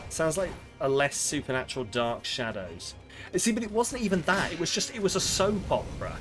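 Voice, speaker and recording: Rambling streamer. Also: male voice, fairly high pitch, big pitch swings, normal speed. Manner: rambling, swearing, chatting with viewers. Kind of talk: casual live-stream chat while gaming. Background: game music.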